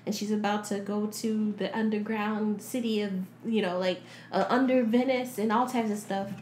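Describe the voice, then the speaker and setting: A woman's voice: mid-range voice, fairly even intonation, moderate pace, darkish tone, echoey room, a little hiss or hum. A woman co-hosting a casual podcast, animatedly recapping a movie, laughing often and acting out the characters. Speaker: podcast co-host.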